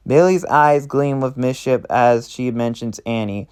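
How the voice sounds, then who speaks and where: Smooth-voiced man reading a roleplay. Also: medium pitch, unhurried, hardly any pauses, a little mellow. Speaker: roleplay narrator.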